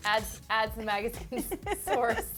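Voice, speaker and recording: A woman's voice: a little high, big pitch swings, slow, fairly bright tone, soft background music. A young woman co-hosting a celebrity news show, sarcastic and wisecracking as she reads gossip. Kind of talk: playful celebrity news chat.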